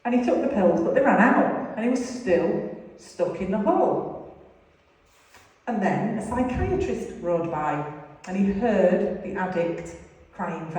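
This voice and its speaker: A woman's voice: medium pitch, darkish tone. Earnest woman preaching in an echoey hall. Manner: earnest, storytelling, confessional. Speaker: recovery ministry speaker. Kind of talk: testimony sermon. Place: large hall. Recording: echoey hall, distant mic.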